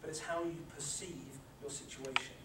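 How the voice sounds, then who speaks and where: A man's voice: fairly high pitch, steady tone, moderate pace. A man giving a live workshop talk on handling anxiety, leading the room through a guided relaxation exercise, repeating his instructions and checking that they follow. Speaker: sports psychology presenter. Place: lecture room with a live audience. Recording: echoey room, far from the mic, loud noise.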